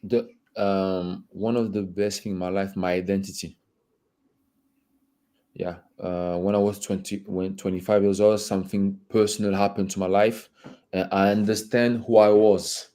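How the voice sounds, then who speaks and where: A man speaking as an interview guest about his football career, talking haltingly, repeating words and laughing between phrases. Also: low-pitched, flat delivery, dark tone. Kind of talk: candid conversational interview.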